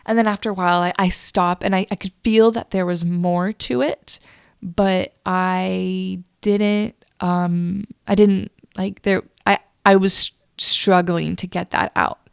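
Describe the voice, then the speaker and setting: Gravelly-voiced woman confiding a personal story. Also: medium pitch, steady tone, no echo, studio quality. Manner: confiding, emotional, halting with restarts. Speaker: podcast host. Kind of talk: solo podcast storytelling.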